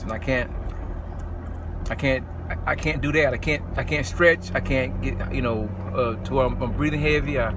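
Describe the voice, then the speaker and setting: A man speaking as a fitness trainer in a casual vlog. He is short of breath from bruised ribs and talks haltingly, repeating words and restarting his sentences. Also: medium pitch, background noise.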